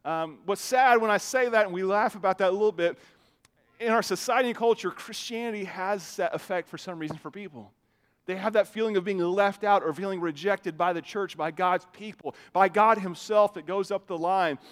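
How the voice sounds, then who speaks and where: A pastor delivering a sermon with a notably high voice for a man. He talks to his congregation conversationally, doubling up words as he starts his thoughts. His volume swings widely, from hushed asides to loud, emphatic points. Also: brisk. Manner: conversational preaching, often repeats words when starting a phrase; loudness swings widely, from soft asides to emphatic raised lines.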